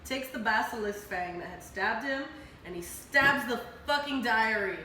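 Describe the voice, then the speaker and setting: A tipsy young woman hosts and retells a story in a lively, profanity-soaked way, her voice bright and forward. The room is very echoey, and there is a faint hiss behind her. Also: on the high side, unhurried. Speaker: host.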